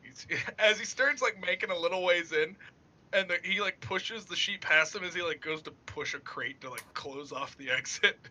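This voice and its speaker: A man's voice: high voice, moderate pace, sharp tone. A man running a casual tabletop game as game master, laughing often and narrating loosely with lots of fillers.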